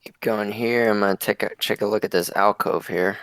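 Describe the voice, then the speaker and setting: A man plays an online tabletop game. He spells out his character's actions carefully in first person, with fillers. His voice is low and gravelly, and the sound is dry and close. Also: steady tone, brisk, fairly bright tone, dry recording. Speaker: player.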